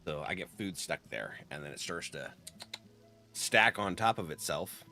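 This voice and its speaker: Guy streaming a game, bright punchy voice, chatty, laughs and clears his throat a lot. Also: low voice, lively intonation, normal speed, soft background music. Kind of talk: casual live-stream chat.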